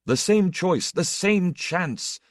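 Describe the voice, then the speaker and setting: A man's voice: high voice, expressive, slow, no echo, studio quality, pitched above the performer's own voice. A man voicing a male orator declaiming to a crowd in a big, slurring voice. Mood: rousing.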